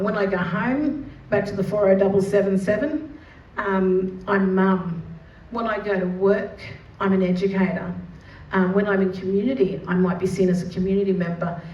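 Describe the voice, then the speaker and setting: An animated Australian woman tells a personal story with lively, vivid delivery. She sounds a little far from the mic in a roomy space, with a faint hiss of noise underneath. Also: medium pitch. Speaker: educator and mother.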